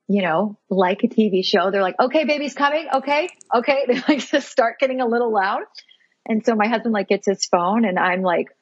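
A woman's voice: medium pitch, slightly rough, no room sound, dull audio. A woman in her thirties, a podcast guest, telling a personal story in an earnest, heartfelt, self-reflective way.

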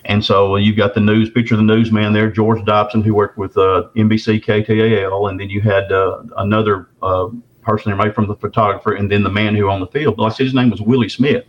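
A man's voice: on the low side, flat delivery, fairly quick. An older man from the Texarkana area, telling a long story in a casual, folksy way and often repeating and restarting his words. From Texarkana area, southern US. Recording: dull lo-fi recording.

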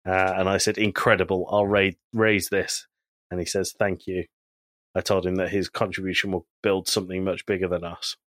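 Lowish-voiced guy recapping a tv episode on a podcast, dry close sound. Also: moderate pace, no room sound. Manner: animated retelling of scenes, quoting characters. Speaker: podcast co-host. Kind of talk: casual podcast chat.

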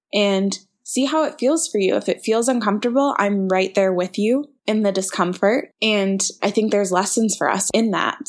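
Reflective woman hosting a podcast. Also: mid-range voice. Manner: reflective, encouraging, conversational. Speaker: podcast host. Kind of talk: solo podcast talk.

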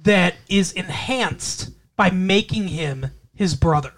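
This podcast co-host rambles through movie plots in loose, animated, casual chat, wandering from point to point. The voice sits at an ordinary middle pitch and moves at a slow pace.

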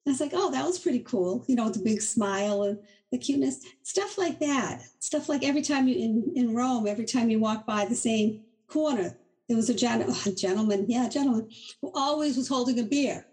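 A middle-aged woman from Boston, a guest telling travel stories. She talks in an animated, chatty way and laughs often as she goes. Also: on the high side, brisk, rough recording. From Boston, USA. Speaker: inventor, guest. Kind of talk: casual interview storytelling.

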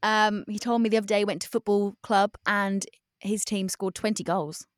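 A young woman, co-hosting a casual sports podcast, chatty and quick to laugh, a self-described sports novice. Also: medium pitch, fairly even intonation, no room sound, studio quality. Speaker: podcast co-host.

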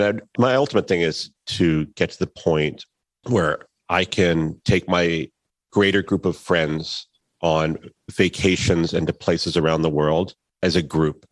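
A man with a husky voice, a podcast guest talking about travel in an easygoing, reflective way. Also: deep voice, no room sound. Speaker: podcast guest, company CEO. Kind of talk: casual conversation.

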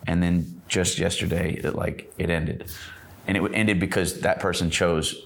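A man's voice: low-pitched, flat delivery, measured pace, creaky, a bit bright. A man with a Texan accent, telling stories in a casual podcast chat, rambling with many restarts. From Texas. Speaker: guest, singer-songwriter.

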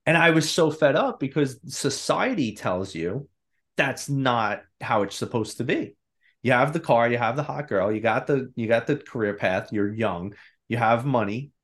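A man in his thirties, a podcast guest, telling a personal story in a candid, animated way and acting out his own inner voice. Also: mid-range voice, normal speed. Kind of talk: casual storytelling.

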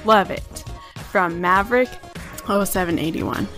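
A woman co-hosts a relaxed podcast and reads listener reviews aloud. She speaks slowly and giggles often. Faint music plays in the background. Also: medium pitch. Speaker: podcast co-host. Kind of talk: casual chat, reading listener reviews.

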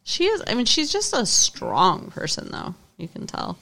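A woman's voice: on the high side, wildly swooping pitch, a little slow, vocal fry, bright, forceful tone. A woman co-hosting a podcast, talking in a casual recap chat, agreeable and chatty, laughing often. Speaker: podcast co-host.

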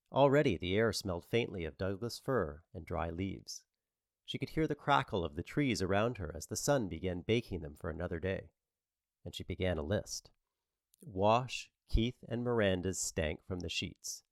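Wry, lively male audiobook narrator. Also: deep voice, gravelly, no room sound, studio quality.

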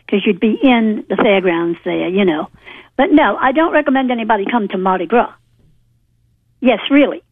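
A woman's voice: on the high side, no echo. A woman from New Orleans calling in to a talk radio show, indignant and rambling with fillers. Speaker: caller. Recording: phone line.

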